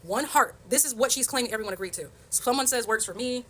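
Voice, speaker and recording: A woman's voice: fairly high pitch, quick pace, fairly bright tone, slight background noise. A woman telling her side of a dispute in a storytime vlog, reading out screenshots and stressing her points in an emphatic, defensive way. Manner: emphatic and defensive, walking through evidence point by point.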